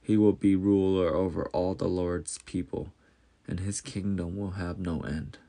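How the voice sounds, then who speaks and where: A man voicing the angel Gabriel, a kind male messenger from heaven, speaking calmly and reassuringly in a storybook reading. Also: low-pitched, a little slow, creaky. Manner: calm and reassuring.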